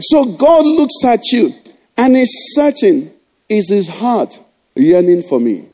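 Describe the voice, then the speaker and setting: High-pitched preaching pastor, dark tone. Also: male voice, sing-song, takes it slowly. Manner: exhorting, rhetorical questions to the congregation. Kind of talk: sermon.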